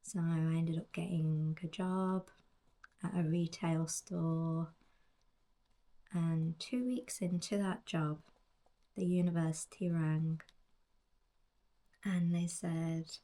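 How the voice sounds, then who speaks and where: Slow, whispery woman in her forties. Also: deep voice, fairly even intonation, mellow. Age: 40s. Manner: reflective, drifting into whispers. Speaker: colouring book author. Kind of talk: soft whispered narration.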